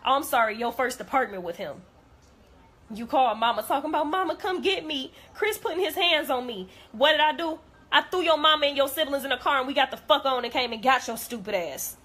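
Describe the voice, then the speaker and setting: Woman ranting through a story, bright sharp voice, pretty high, acts out everybody. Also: brisk. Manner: blunt, heated, acts out the people in her story. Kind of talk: casual storytelling to camera.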